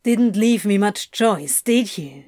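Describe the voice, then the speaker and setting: A woman's voice: medium pitch, expressive, slow, dark tone, dry recording, clean studio sound. A woman voicing a prickly, defiant male demon who answers in a curt, clipped and sullen way. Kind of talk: audiobook character voice.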